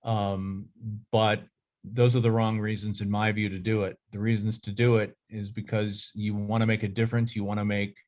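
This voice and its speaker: Rambling middle-aged man, low voice. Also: little pitch movement, moderate pace, a little mellow. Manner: rambling, many fillers and restarts. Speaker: journalism association director. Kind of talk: casual reflective talk.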